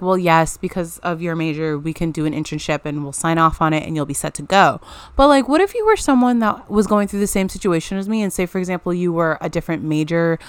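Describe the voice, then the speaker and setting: Woman, 20s, casual storytime vlogger; chatty, filler-heavy delivery, lower-pitched and crisp. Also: dry recording. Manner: chatty, animated retelling with lots of "like". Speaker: college student.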